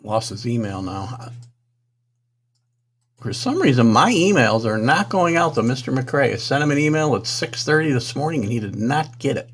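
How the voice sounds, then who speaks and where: A man with a mid-range, expressive, slightly rough voice talks at a normal speed. He's a sports talk show host on a live stream, flustered and apologetic, muttering to himself as he battles technical trouble.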